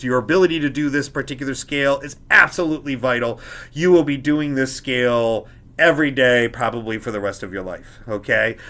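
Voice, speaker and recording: A man with a bright, clear voice gives a beginner music lesson. He explains each step patiently and keeps checking that his students are following. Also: medium pitch. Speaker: music teacher.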